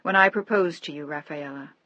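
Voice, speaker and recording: A woman voicing a frail, bedridden elderly husband who speaks softly, wearily and tenderly. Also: sits low, fairly quick, dry recording, highs cut off. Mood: weary tender. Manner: soft, weary, affectionate.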